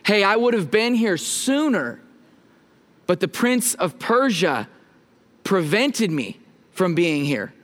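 A man's voice: sits high, big pitch swings, slow, pauses often, fairly bright tone, long reverb tail, heavily acted. A man voicing a male angel messenger in a sermon, speaking casually and matter-of-factly. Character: angel messenger, male, explaining his delay.

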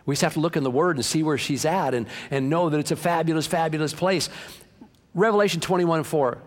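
A man preaching a sermon as pastor, impassioned, swinging between hushed and loud passages. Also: fairly high pitch, a little fast. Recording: long hall reverb.

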